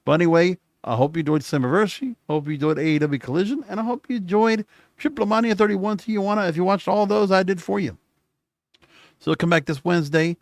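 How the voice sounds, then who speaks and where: A man's voice: high-pitched, fast talker, dry recording, clean studio sound. A man hosting a solo podcast, recapping in a casual, rambling way with frequent self-corrections, recording late at night. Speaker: podcast host.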